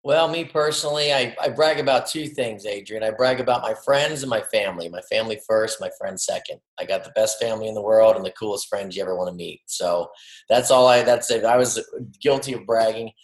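A man's voice: on the low side, fairly quick, reverberant, low-quality recording. A man in his late thirties from Cincinnati, a friendly, easygoing podcast guest speaking over a remote call. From Cincinnati, Ohio. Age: 30s. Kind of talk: casual interview talk.

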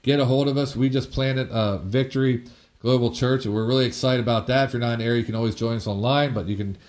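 Man giving a casual, lively sermon. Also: medium pitch, fast. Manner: conversational, animated preaching with many fillers and acted-out quotes. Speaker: pastor. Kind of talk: informal sermon.

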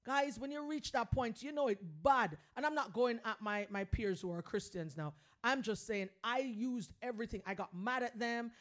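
A woman's voice: a little high, normal speed, few pauses. Earnest woman hosting a motivational podcast. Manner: earnest, emphatic, preachy encouragement. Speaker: podcast host. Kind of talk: heartfelt motivational podcast talk.

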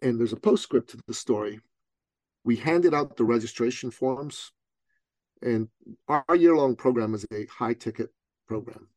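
A middle-aged man from Iran, a business coach, telling a story in an interview and acting out the people in it with big jumps in pitch. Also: measured pace, a little mellow, no room sound.

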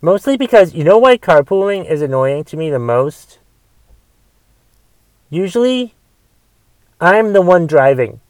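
A man's voice: a little high, very animated, measured pace, pauses often, a little mellow, no room sound. A young man hosting a solo podcast, ranting in a casual, rambling way with restarts and swearing. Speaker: podcast host.

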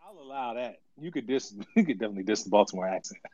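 A man co-hosting a casual live audio chat, animated and laughing often as he trades playful jabs. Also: lowish voice, very fast, dry recording, muffled recording. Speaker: podcast co-host.

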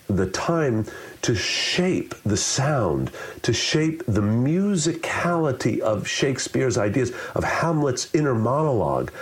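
A man explaining public speaking as an interview guest, talking expressively and demonstrating different ways of saying things. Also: mid-range voice. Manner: expressive, demonstrates with shifting delivery.

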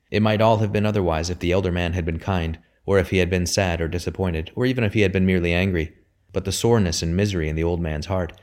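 A man reads a period novel aloud in a deep, low-pitched voice. His delivery is measured and steady, in the manner of a careful storyteller. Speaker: audiobook reader. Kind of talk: scripted narration.

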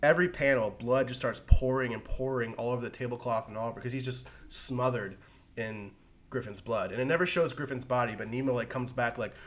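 Male podcast host, mid-pitched, loose and profane, rambly fan energy. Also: fairly quick. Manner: rambling, profane, heavy use of "like"; excited retelling of a comic plot. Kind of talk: casual podcast chat.

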